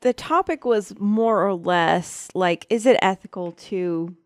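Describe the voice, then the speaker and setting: A woman's voice: medium pitch, slow, no room sound, clean studio sound. A young woman hosting a student radio talk show, chatting casually, rambling and giggling as she interrupts herself. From Texas. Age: young adult. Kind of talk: casual chat.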